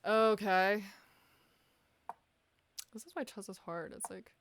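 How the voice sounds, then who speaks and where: A woman's voice: mid-range voice, very animated, brisk, noisy background. A woman chess streamer thinking aloud as she analyzes her games, asking herself questions and poking fun at her own mistakes. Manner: muses aloud, asks herself questions, self-deprecating.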